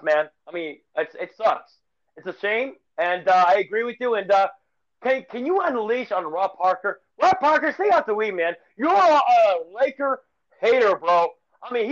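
High-pitched male sports podcast co-host, excitable rambler, dull lo-fi recording. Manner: excitable rambling rant with repeated phrases. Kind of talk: casual sports chat.

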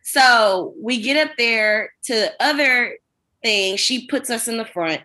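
A woman co-hosting a podcast, telling a long, animated, rambling anecdote in casual chat with plenty of swearing. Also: a little high, takes it slowly. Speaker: podcast co-host.

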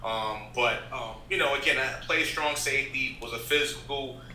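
A man's voice: mid-range voice, normal speed, pushed and bright. A man who works in radio, talking as a guest in an earnest, motivational way that rambles with restarts. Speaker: podcast guest, radio host. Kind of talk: casual interview talk. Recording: roomy echo with faint background noise.

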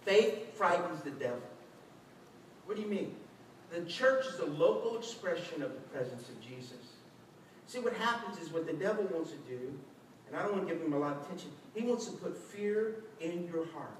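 A man preaching a lively sermon as a pastor, acting out quotes with shouts and laughter. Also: on the high side, moderate pace. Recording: echoey hall, distant mic, faint noise.

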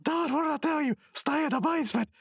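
A man voicing a short-tempered young raccoon, shrill and shouting. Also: quick pace, no room sound, studio quality. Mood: angry.

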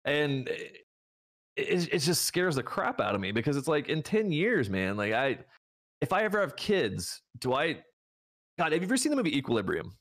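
Laughing, rambling American podcast host. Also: male voice, a little high, sing-song, moderate pace, a bit bright. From United States. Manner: rambling, laughs often, frequent restarts. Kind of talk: casual podcast chat.

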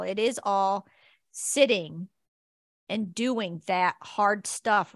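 A woman co-hosting a podcast, talking in an animated, encouraging way and laughing easily. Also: medium pitch, no room sound, studio quality. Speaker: podcast co-host. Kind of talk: casual spiritual chat.

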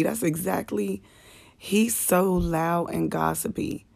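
A woman comedian and podcast host with a low, slightly manly voice, chatting and venting profanely while lying in bed in the dark on a phone. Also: slow, vocal fry. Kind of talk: casual late-night live chat. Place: bedroom in apartment at night, lying in the dark.

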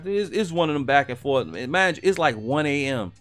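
A young man casually telling a personal story, slangy and animated, with lots of fillers. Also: mid-range voice, fast talker, soft background music.

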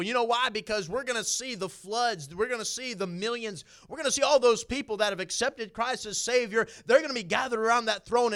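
Southern preacher guy, middle-aged, high voice, folksy sermon w lots of repeats. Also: a bit bright. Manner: folksy, repeats phrases, builds to emphatic preaching.

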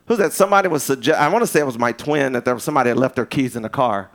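Animated conversational man preaching. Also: medium pitch, rapid-fire. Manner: conversational preaching, restarts and asides, swings from loud to hushed. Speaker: pastor. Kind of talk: sermon.

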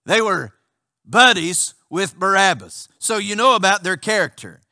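Male pastor, high pitched and bright, impassioned sermon delivery. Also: animated, moderate pace, dry recording, clean studio sound. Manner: impassioned preaching with rhetorical questions.

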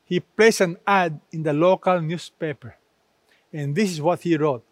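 A man preaching a sermon as pastor, slow and deliberate, with emphatic phrases. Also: a little high, no echo.

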